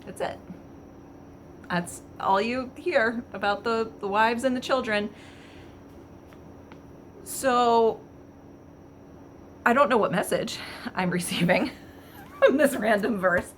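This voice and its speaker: A woman casually reading passages aloud and commenting on them with wry amusement, thinking out loud with fillers. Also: fairly high pitch, slow, long pauses, a little hiss or hum. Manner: wry, chatty, laughs at the text. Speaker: vlogger.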